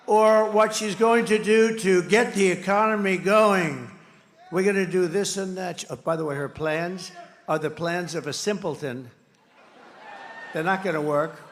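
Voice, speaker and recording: A man's voice: sits high, vocal fry, a bit bright. A man giving a campaign rally speech at a podium microphone, combative and repetitive, with mocking asides. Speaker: political candidate. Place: large rally venue.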